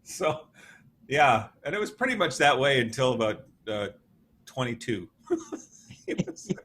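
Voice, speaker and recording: Animated, laughing male storyteller. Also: mid-range voice, unhurried, a little hiss or hum. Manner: animated storyteller, laughs often, acts out quotes. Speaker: guest, motivational speaker. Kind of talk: conversational interview.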